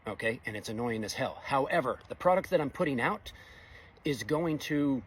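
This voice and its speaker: A man's voice: medium pitch, expressive, moderate pace, a little hiss or hum. A middle-aged man, a welder, giving a blunt, exasperated opinion monologue in casual speech. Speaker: fabricator welder.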